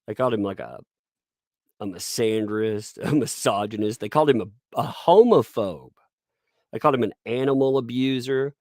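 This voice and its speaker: A man's voice: normal speed, darkish tone, no room sound, studio quality. A man hosting a live stream, commentating sarcastically, reading chat and laughing often. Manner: puts on squeaky mocking voices when quoting people.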